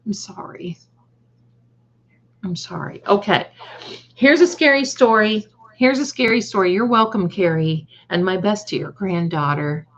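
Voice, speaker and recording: A woman's voice: medium pitch, a little slow, fairly bright tone. A woman hosting a tarot live stream, telling a story to her viewers in a chatty way and calling them by endearments. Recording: dull lo-fi stream audio.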